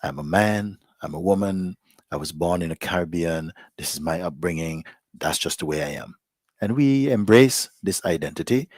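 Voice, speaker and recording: A spiritual teacher gives a reflective, unhurried satsang talk to a live gathering, often dropping almost to a whisper. His voice is low, and the studio recording is clean with no room sound.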